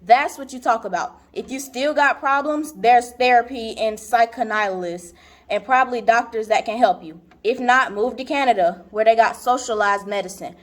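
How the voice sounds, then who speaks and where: A woman's voice: on the high side, normal speed, lightly acted. A young woman acting a blunt teenage girl handing out advice in a stage monologue. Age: young adult. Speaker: student actor.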